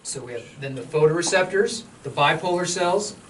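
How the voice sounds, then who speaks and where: A man's voice: on the high side, lively intonation, moderate pace. A man giving a casual, joking university lecture in a lecture hall who often checks in with his students. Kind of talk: classroom lecture. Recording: distant mic with faint room hum.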